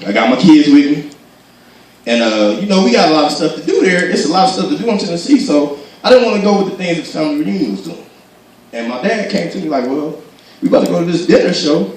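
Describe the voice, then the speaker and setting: Animated high-pitched comedian man, echoey hall. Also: quick pace, far from the mic, a little hiss or hum. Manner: animated, acts out voices, laughs while telling. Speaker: stand-up comedian. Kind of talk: stand-up storytelling. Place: gospel comedy show venue.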